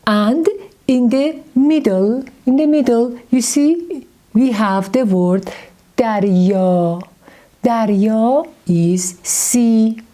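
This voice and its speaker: A woman with a Persian accent teaching a beginner Persian lesson, speaking slowly and patiently and repeating each word. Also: mid-range voice, warm tone. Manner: slow, patient, repeats words and letter names. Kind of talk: slow beginner language lesson.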